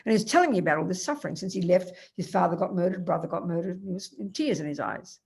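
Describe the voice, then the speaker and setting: A woman teaching Buddhist philosophy in an emphatic, animated way, telling stories and addressing her students by name. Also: lowish voice, racing, creaky. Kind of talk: Dharma teaching.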